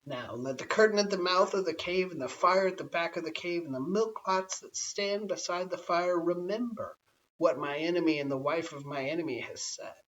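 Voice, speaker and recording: A man's voice: sits high, normal speed, fairly bright tone. A man reading as a proud, sly storybook cat. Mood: haughty. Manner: haughty, wheedling storybook speech. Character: proud, sly male cat of the wild woods. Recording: slightly distant, dull lo-fi home recording.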